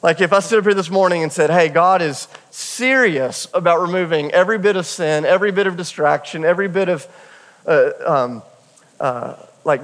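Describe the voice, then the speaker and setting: Guy pastor preaching, kinda high voice, echoey church hall, candid and jokey. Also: a bit bright. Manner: candid storytelling with self-deprecating humor. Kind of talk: sermon. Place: church sanctuary.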